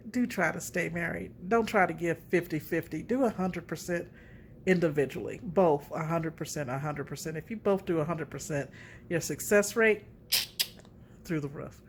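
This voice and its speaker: A middle-aged woman hosting a casual relationship talk, candid and animated as she tells her own story. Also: lowish voice, moderate pace, slight background noise.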